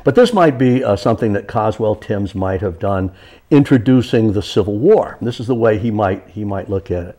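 A man's voice: lowish voice, normal speed, mellow. A man, an author as a guest, telling stories in a casual community TV studio interview, chatty and full of restarts.

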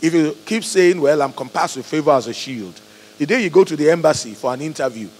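Male preacher, fairly high and very animated, in a reverberant church hall. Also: brisk. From Nigeria. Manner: animated, acts out quoted voices, swings loud and soft. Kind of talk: sermon.

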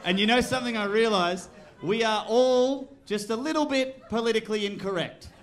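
An Australian man performs stand-up on a club stage, his voice riding high as he tells stories and breaks into shouted punchlines. A live crowd laughs loudly throughout. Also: moderate pace. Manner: animated storytelling, bursts into shouting. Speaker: stand-up comedian. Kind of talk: stand-up comedy set. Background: audience laughter.

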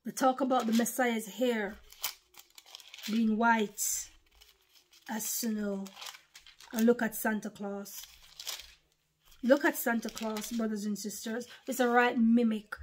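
Lady in her 40s preaching online, fired up, says things over and over, voice a bit high. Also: steady tone, slow, pauses often, slight background noise. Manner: impassioned, repetitive, emphatic. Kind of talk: informal online sermon.

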